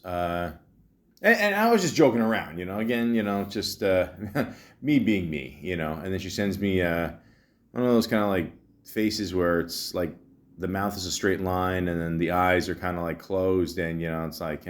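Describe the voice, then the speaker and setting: A man's voice: low-pitched, normal speed. Wry rambling man in his forties. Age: 40s. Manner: rambling, full of fillers and self-corrections, wry and jokey. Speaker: podcast host. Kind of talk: casual storytelling monologue.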